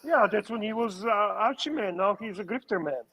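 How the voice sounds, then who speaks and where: A man with a high, bright voice, barking profane mock orders on a livestream. He sounds set back from the mic, with a faint hiss of noise underneath. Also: animated, a little fast, distant mic. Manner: loud, profane, mock-bossy. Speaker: livestream panelist. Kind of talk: casual chat.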